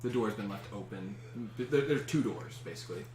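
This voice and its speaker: A man's voice: fairly low pitch, a little mellow. Guy dming a tabletop game, um-ing a lot, echoey noisy room. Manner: casual, halting, many fillers. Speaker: dungeon master. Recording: echoey room with background noise.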